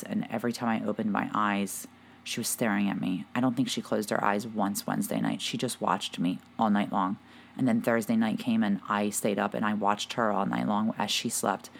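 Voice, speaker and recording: A young woman talking to her viewers in a personal vlog, halting and emotional, with many pauses and fillers. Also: very deep voice, a little hiss or hum. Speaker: vlogger.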